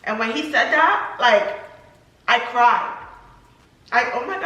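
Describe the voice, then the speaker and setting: Bright-voiced young woman, echoey room. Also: high-pitched, a little slow, pauses often. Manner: chatty, filler-heavy, emotional. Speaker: vlogger, new mother. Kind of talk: storytime chat. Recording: echoey room, mic at a distance.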